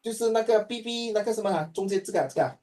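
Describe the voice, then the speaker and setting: Man, Singaporean accent, teacher, joking, mixes English and Chinese, slightly high voice. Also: rapid-fire, warm tone, far from the mic. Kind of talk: classroom teaching.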